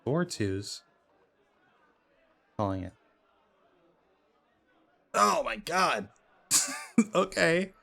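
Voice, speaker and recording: A man talks through a video game dice match in unhurried, drawn-out phrases. His pitch swings widely as he calls bets, and he bursts out with laughs and curses at close calls. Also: big pitch swings, gravelly, pushed and bright, some chatter behind. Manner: reads in-game dialogue aloud in plain voice. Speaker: gamer playing a dice game. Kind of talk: casual let's play commentary.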